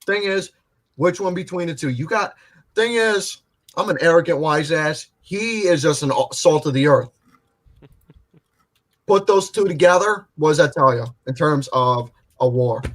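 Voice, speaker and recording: A man's voice: fairly high pitch, unhurried, fairly bright tone. A man hosting a casual group podcast, boasting and joking crudely with friends. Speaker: podcast host.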